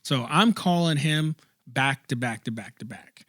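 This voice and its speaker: A young adult man casually telling a story to friends, animated, laughing and swearing freely. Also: mid-range voice, measured pace, no echo, studio quality. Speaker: podcast co-host.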